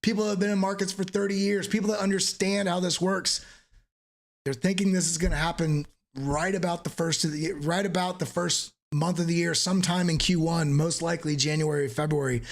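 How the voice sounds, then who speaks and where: Male host, high-pitched, emphatic analyst type who hammers the same question again and again. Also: fairly even intonation, brisk, gravelly. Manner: emphatic, repeats rhetorical questions. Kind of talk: market analysis talk.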